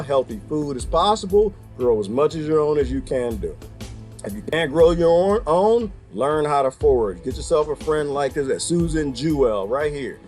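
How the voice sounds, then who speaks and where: A man's voice: medium pitch, a little mellow. A man talking casually to his viewers in a rambling, joking monologue, laughing often and breaking into asides. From United States. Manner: addresses viewers as "people" and "y'all". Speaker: vlogger.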